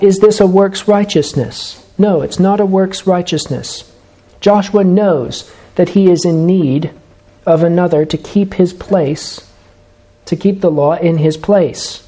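High-voiced, mellow male preacher. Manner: measured, emphatic, slows for key phrases. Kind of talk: sermon.

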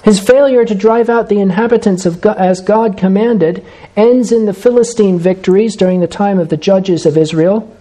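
A man preaching a sermon, measured and emphatic, slowing down to stress key phrases. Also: sits high, steady tone, dark tone.

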